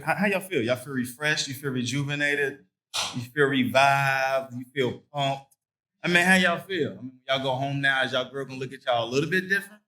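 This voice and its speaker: A man giving a motivational talk to a conference of men, casual and engaging the crowd with rapid questions. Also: medium pitch, pushed and bright. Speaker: guest speaker and author. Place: conference hall with an audience.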